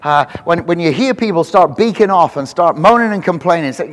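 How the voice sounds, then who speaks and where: A man preaching a sermon to a congregation, telling animated stories with frequent restarts. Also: on the high side, brisk. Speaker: pastor. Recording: long hall reverb.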